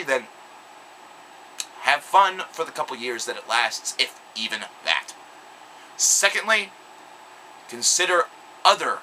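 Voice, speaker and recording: A man's voice: on the high side, pushed and bright, a little hiss or hum, low-quality recording. A young man delivering an angry, sarcastic, profanity-laced vlog rant. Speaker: video blogger. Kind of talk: ranting vlog monologue.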